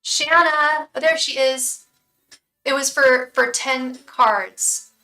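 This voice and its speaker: A woman tarot reader hosts a live stream in a bright, clear voice pitched a little high. She chats easily with viewers, thanks them by name and chants invocations to spirit guides. Her voice comes from some distance away from the microphone. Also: steady tone, slow, soft background music.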